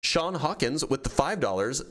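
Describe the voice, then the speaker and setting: A man's voice: mid-range voice, very animated, moderate pace, fairly bright tone. A man hosting a livestream, casually reading out donor messages and answering them with frequent laughs. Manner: reads donor messages aloud, laughs often. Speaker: streamer reading super chats.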